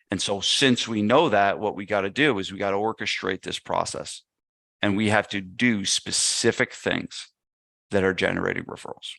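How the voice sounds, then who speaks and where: Man, podcast guest, low bright voice, animated storyteller, dry close sound. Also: creaky, dry recording. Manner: animated anecdote teller, acts out quotes. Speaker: podcast guest, gym business owner. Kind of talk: storytelling in casual interview.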